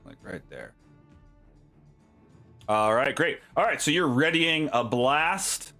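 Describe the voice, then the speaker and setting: A man narrating as game master of a tabletop game, animated and quick to react with laughs and exclamations. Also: mid-range voice, faint music behind.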